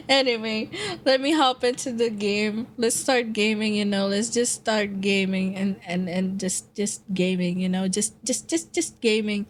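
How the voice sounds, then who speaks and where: A woman's voice: mid-range voice, fairly even intonation, takes it slowly, pauses often, a bit bright, slight background noise. A woman streaming casually as a VTuber, chatting to her viewers with frequent laughter, repeated phrases and free swearing. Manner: talks to chat and friends while setting up a game. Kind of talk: casual live-stream chat.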